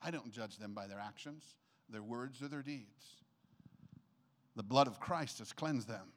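A man acting as a gentle, reassuring divine male voice within a sermon, speaking calmly and softly. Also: medium pitch, pitched below the performer's own voice, close to an everyday voice. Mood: tender. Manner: calm, soft and measured. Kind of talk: acted quote in a sermon.

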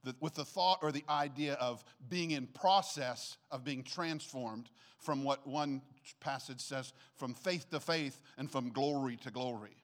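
An older man preaching a sermon to a church congregation in a conversational, animated way, often checking in with his listeners. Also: medium pitch, unhurried, few pauses. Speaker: pastor.

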